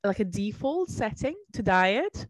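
A woman co-hosting a podcast in relaxed casual chat and steering the topic. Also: medium pitch, unhurried, no room sound. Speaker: podcast co-host.

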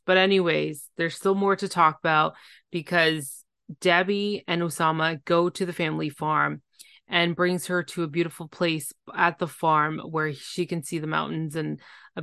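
A woman's voice: deep voice, gravelly, smooth, no echo, clean studio sound. A woman co-hosting a podcast, chatting casually as she recaps a reality show and acts out what people said. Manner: animated, acts out quotes in put-on voices. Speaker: podcast co-host.

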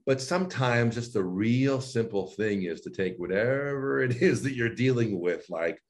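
A man, a voice and speech coach, chatting in an interview with lively, animated phrasing and frequent laughs. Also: mid-range voice, normal speed, hardly any pauses. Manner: animated, demonstrates intonation with exaggerated phrasing; laughs often, restarts sentences. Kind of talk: casual interview talk.

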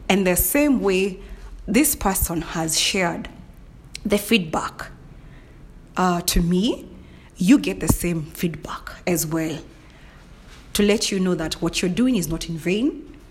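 A woman's voice: lowish voice, slight background noise. Playful laughing woman podcast host. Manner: playful, laughs often, mock-indignant. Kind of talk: casual solo podcast chat.

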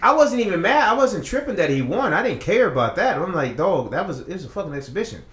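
Man, casual podcast storytelling, slightly high voice, echoey room, rambling and profane. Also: quick pace. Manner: rambling, profane, animated retelling with many restarts. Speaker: podcast co-host.

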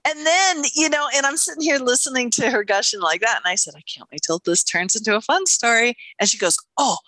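A middle-aged woman tells a story in a casual chat, and her pitch swings widely as she goes. Her voice is bright, and she keeps slipping into other people's voices between bursts of laughter. The sound is close and dry. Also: lively intonation, fairly quick, no room sound. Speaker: author.

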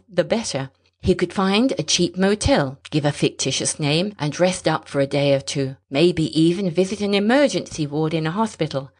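A woman narrating a story in a measured, expressive way. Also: sits low. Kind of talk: storybook reading.

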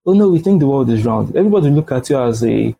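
A man's voice: medium pitch, animated, rapid-fire, vocal fry, mellow, a little hiss or hum, rough recording. A man with a Nigerian accent, a guest in a casual podcast chat, earnest and repeating phrases as he argues.

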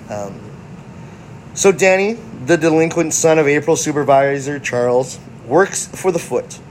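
A man casually recapping a film in a mid-pitched voice. He rambles, backtracks and corrects himself, with faint air conditioning humming in the background. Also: a little hiss or hum. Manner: rambling, self-correcting, fannish. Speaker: host.

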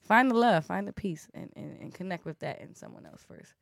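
A woman in casual conversation, expressive and slangy, swinging between loud bursts and soft asides. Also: mid-range voice, fairly quick, creaky, no echo.

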